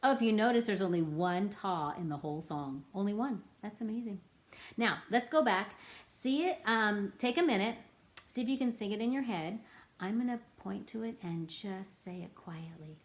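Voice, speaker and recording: A woman teaching a children's music lesson, playful and animated with a sing-song delivery. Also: medium pitch, normal speed.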